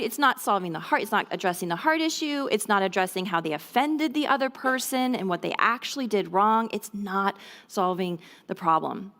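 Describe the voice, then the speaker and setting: At a mothers' ministry gathering, a woman gives a church teaching talk on parenting in a relaxed, conversational style, her voice at an ordinary middle pitch. She checks in often with "okay?" and "right?" and occasionally acts out children's voices in brief quoted lines.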